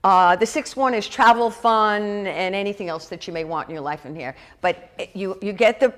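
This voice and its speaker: Woman minister, middle-aged, conversational sermon delivery, lively asides, mid-range voice. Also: medium pitch. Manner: lively, chatty preaching with asides and quick laughs. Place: church hall.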